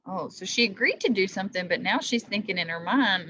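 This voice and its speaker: A woman's voice: mid-range voice, fairly quick, muffled recording. A woman teacher reading a story aloud to children, stopping to ask them questions. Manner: lively, asks the listener questions.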